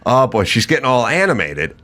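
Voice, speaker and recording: Middle-aged male podcast host, bright forceful tone, very lively pitch, comic storyteller who swears. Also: fairly quick. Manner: animated anecdote, swinging up for mimicked voices and down low and quiet; swears freely, exasperated.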